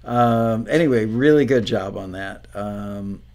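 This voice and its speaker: A man's voice: on the low side, a little slow, a little mellow. A man hosting a music review show, chatting casually through viewer comments with dry jokes and frequent ums. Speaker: show host reviewing songs.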